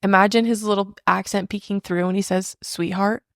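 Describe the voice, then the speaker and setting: A woman's voice: medium pitch, fairly even intonation, a little fast, creaky, a bit bright, no room sound. Young female co-host, gushing casual chat, dry studio sound. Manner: enthusiastic, gushing. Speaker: podcast co-host. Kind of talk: casual book club chat.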